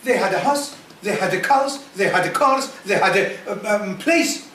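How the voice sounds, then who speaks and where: A man's high voice carries through the echo of a community centre meeting hall as he gives a fervent speech to Islamic scholars. His English is broken and non-native; he repeats himself, asks rhetorical questions and breaks into fast Arabic verses from the Quran. Animated and a bit bright, he sounds distant, with slight background noise.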